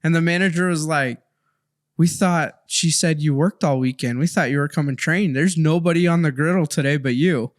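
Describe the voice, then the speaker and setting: A man guest in a casual podcast chat, telling stories in a relaxed way and laughing easily. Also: on the high side, moderate pace, no echo, studio quality.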